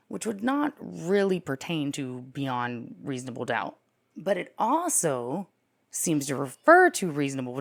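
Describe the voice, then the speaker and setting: A low-pitched woman with vocal fry talks to camera as a true crime commentator, casually walking through a criminal case. Chatty and irreverent, she jokes at her own expense and often jumps into loud, excited exclamations before settling back into an offhand tone.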